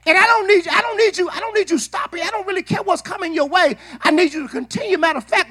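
A man preaching with a very high, bright, forceful voice. He works the congregation in call-and-response, repeats himself and restarts phrases, and climbs into shouting. He is in a church sanctuary. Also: quick pace, hardly any pauses. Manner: repeats words and restarts often. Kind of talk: sermon.

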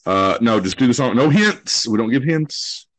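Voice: medium pitch, expressive, moderate pace. A person hosting a casual guessing game with a partner at home, swearing a lot and teasing. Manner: profane, teasing. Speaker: game host.

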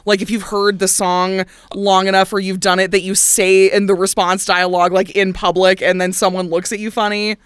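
A woman in her thirties co-hosting a musical theater podcast, chatting casually in a giggly, excitable, gushing way. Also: medium pitch, moderate pace, hardly any pauses, clean tone, no room sound. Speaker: podcast co-host. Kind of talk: casual chat.

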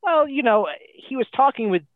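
A man's voice: very high voice, expressive, a little fast, no room sound. Teasing man on a tinny line. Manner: teasing, dry jokes. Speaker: podcast co-host. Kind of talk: casual sports podcast chat. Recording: dry, tinny phone-like line.

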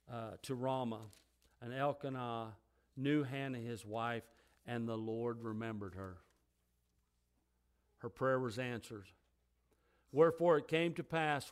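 Man preaching, swinging from quiet to loud. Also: clear, resonant tone. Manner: reads scripture in a low, quiet voice, then rises loud and high when preaching. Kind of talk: sermon with scripture reading.

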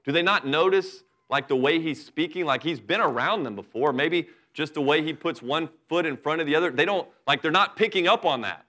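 Middle-aged guy preaching, chatty and direct, voice sits a bit high. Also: brisk, few pauses, sharp tone. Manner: conversational preaching, acts out Bible characters in asides. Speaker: pastor. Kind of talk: sermon.

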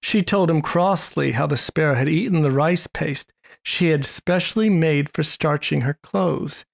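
A narrator with a gravelly voice reading a storybook in a measured, expressive way. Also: medium pitch. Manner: measured, expressive read-aloud.

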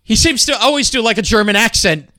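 A man's voice: high-pitched, animated, fast talker, pushed and bright, no room sound, clean studio sound. A man co-hosting a podcast in casual chat, hesitant with fillers and full of trivia. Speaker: podcast co-host. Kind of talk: casual chat about old sitcoms.

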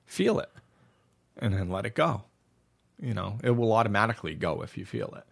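A man's voice: on the low side, sing-song, normal speed, gravelly, breathy edge. A man hosting a casual, reflective chat, telling stories with lots of restarts and false starts. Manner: rambling storyteller with frequent restarts.

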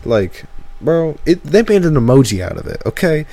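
A young man co-hosting a podcast, talking in animated, jokey banter and now and then slipping into mock voices. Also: on the high side, moderate pace, vocal fry. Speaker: podcast co-host. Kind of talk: casual banter.

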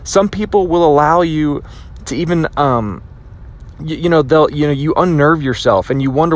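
A man's voice: fairly high pitch, normal speed. Emphatic man giving a motivational talk. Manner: emphatic, repeats phrases for impact, acts out inner voices. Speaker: motivational speaker. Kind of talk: motivational speech.

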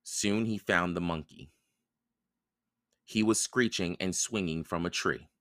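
A man reading a children's chapter book aloud for a podcast, in calm, even storytelling narration. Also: sits low, unhurried, dry recording, clean studio sound. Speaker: podcast reader.

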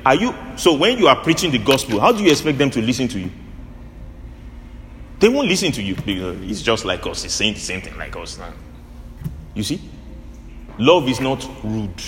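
A man's voice: medium pitch, a little hiss or hum. A man preaching a sermon, drawing answers from his listeners with repeated questions. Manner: animated call-and-response preaching. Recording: long hall reverb, faint ambience.

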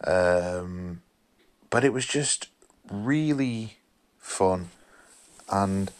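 A weary man talks through a film review in a loose, rambling way, often apologizing and trailing off. His voice sits fairly low, and he sounds worn out from a long weekend. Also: expressive, extremely slow, smooth. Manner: rambling, apologetic, full of fillers and restarts. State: tired, yawning. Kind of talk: casual spoken film review.

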